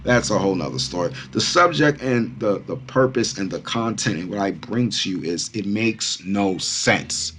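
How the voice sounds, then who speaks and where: A Brooklyn man hosts a casual crypto vlog, talking animatedly and repetitively to his followers, whom he keeps calling Kumas. His voice sits on the low side at normal speed with hardly any pauses, and there's a little hiss or hum.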